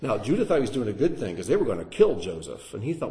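A man teaching through a Bible passage in an animated, dramatic sermon style, sometimes acting out the characters. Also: on the low side, quick pace. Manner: animated, dramatic, acts out voices.

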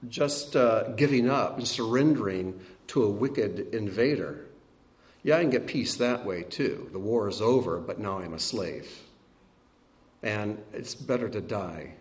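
An older man preaching a sermon as pastor, swinging between emphatic peaks and quiet, soft asides. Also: on the low side.

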